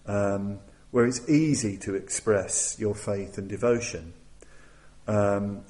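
A man giving a Buddhist dharma talk, thoughtful and hesitant, with many restarts and pauses. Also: lowish voice, darkish tone, poor audio. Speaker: Buddhist teacher.

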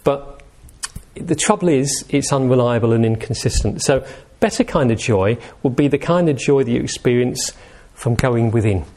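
Gentle man giving a dharma talk. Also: mid-range voice, normal speed. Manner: gentle, conversational, asks the listeners questions. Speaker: meditation teacher.

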